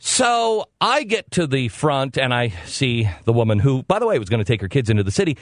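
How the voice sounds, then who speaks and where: Male talk host, comic monologue; sarcastic, exasperated, lively pitch. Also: fast talker, no echo, studio quality. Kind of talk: comedic storytelling monologue.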